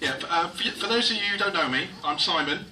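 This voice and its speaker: A man's voice: on the high side, animated, quick pace, far from the mic, very noisy. A middle-aged man giving a nervous, stuttering, self-mocking wedding speech as the bride's brother. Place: wedding reception hall. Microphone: mobile phone far from the speaker. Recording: phone recording from afar, echoey hall, loud crowd. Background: guests chattering and laughing.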